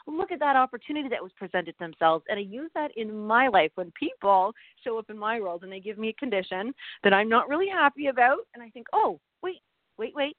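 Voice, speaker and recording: A middle-aged woman chatting as an interview guest, animated and quick to laugh, with many fillers. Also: medium pitch, dry recording. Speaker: interview guest, author and nutritionist. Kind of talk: casual interview conversation. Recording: tinny phone-like line.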